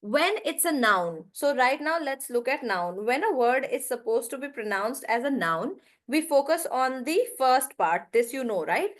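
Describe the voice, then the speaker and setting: Higher-voiced woman teaching pronunciation online. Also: animated, a little slow, few pauses. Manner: explains patiently, stretches stressed syllables to demonstrate; calls on students by name, asks "right?".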